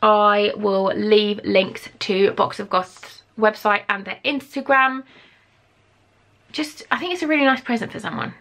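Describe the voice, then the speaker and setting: A woman in her thirties from England, chatting excitably while unboxing and gushing over each item. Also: medium pitch, a little slow. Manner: gushing, excitable, with sudden gasps and soft mutters. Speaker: vlogger. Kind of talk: casual unboxing chat. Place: home room.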